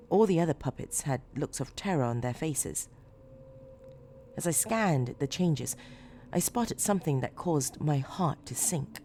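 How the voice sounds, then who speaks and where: A woman reading a horror story as scripted narration, measured and low-key with dramatic emphasis. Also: dark tone, a little hiss or hum.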